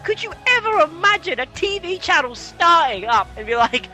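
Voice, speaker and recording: A British man with a strikingly high voice delivers an exasperated, profanity-laced rant that keeps spilling into shouts. His tone is bright and sharp, with faint music behind him. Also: sing-song, moderate pace, hardly any pauses, low-quality recording. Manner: swearing, exasperated, bursts into shouting. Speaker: host. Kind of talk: comedic rant.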